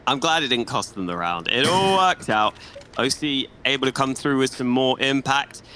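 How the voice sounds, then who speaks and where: A man's voice: mid-range voice, moderate pace, pushed and bright. A man giving analytical color commentary on a video game match, with dry humor. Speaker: esports analyst. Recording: noisy game audio behind. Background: game sounds.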